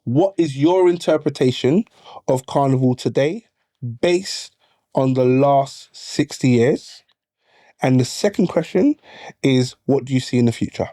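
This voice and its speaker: A woman co-hosting a casual podcast sets out her questions slowly and with care. Her voice is mellow and warm, recorded dry and close. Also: rumbling low, no echo. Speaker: podcast co-host.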